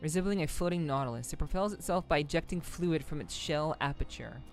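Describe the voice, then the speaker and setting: A woman streaming a game, chatting casually and reading text aloud, rambling a bit with restarts. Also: sits low. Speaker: VTuber streamer.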